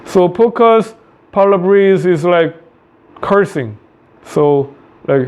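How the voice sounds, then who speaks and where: Man, Korean accent, high clear voice, English teacher, line-by-line explanation, repeats phrases. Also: slow, pauses often, darkish tone. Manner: paraphrases quotes in plain words, repeats phrases.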